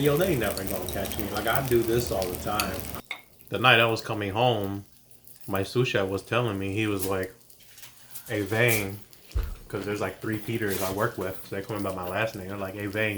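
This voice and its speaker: A man's voice: on the low side, fairly bright tone, slight background noise, low-quality recording. A man casually telling a personal story as co-host of a couple's chat, laid back and slangy, acting out what he and others said.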